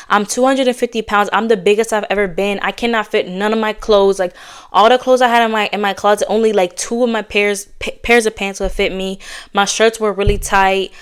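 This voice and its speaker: A woman hosting her own podcast in a candid, casual chat, talking fast and bluntly with slang and sounding a little out of breath. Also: medium pitch, fairly even intonation, smooth. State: slightly out of breath. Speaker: podcast host.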